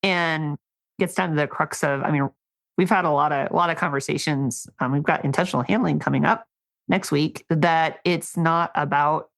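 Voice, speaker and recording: A woman's voice: low-pitched, fairly even intonation, normal speed, gravelly. A woman co-hosting a podcast, a dog trainer who speaks in a reflective, earnest way. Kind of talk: casual podcast chat.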